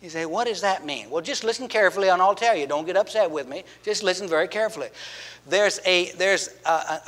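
A man with a high voice preaches a sermon in a church. He teaches earnestly, often repeating words and asking questions of his listeners. The sound carries a long hall echo. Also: a bit bright. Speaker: pastor.

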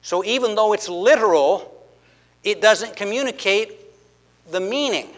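A man's voice: high-pitched, expressive, a little slow, fairly bright tone. A man preaching a sermon as a pastor. He teaches earnestly, repeats his words and asks the congregation questions. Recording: long hall reverb.

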